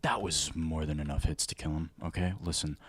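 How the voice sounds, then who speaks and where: A man streaming a survival game as ASMR, whispering and speaking softly into a close mic, now and then flaring up in frustration, with keyboard and mouse clicks behind him. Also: very deep voice, steady tone, a little fast, breathy edge, no echo. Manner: mostly whispered and soft, flaring into loud frustration. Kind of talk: ASMR gameplay livestream commentary.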